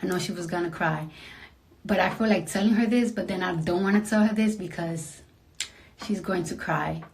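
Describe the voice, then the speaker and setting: A woman in an emotional, rambling late-night livestream to her fans, speaking softly and trailing off into near-whispers. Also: a little fast, a little hiss or hum. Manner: soft and low-key, trailing into near-whispers.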